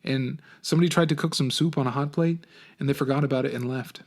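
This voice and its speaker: A man, a teacher, reading a novel aloud for his class, with an expressive, animated first-person delivery. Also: medium pitch, fast talker.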